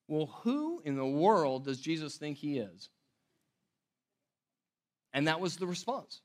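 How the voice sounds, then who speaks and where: Male pastor, high voice, emphatic sermon delivery with loud-to-hushed swings. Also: very animated, takes it slowly. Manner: emphatic, swings between loud stress and near-hushed lines.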